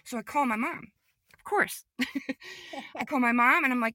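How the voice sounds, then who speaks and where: A woman giving a podcast testimony, telling a personal story vividly and emotionally, often repeating phrases and moving between hushed and excited delivery. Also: sits high, unhurried, pauses often, no room sound, clean studio sound.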